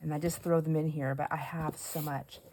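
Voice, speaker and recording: A woman's voice: low-pitched, little pitch movement, fairly quick, warm tone. A middle-aged woman hosting a crafting video, chatting casually and rambling through funny family stories as she works, laughing often. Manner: rambling storyteller, laughs often, mimics others. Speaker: crafting channel host.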